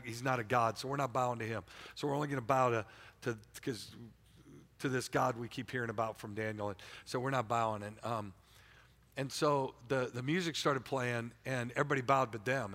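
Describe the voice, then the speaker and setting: A man's voice: mid-range voice, big-room sound. A man preaching a sermon in a church, talking casually and with energy, often repeating and restarting words. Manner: energetic, colloquial, repeats himself, stumbles over words. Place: church sanctuary.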